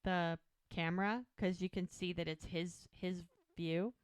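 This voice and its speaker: Woman, podcast co-host, casual recap, smooth clear voice, dry close sound. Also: no room sound. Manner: animated recapping, acting out lines with quick shifts in pitch.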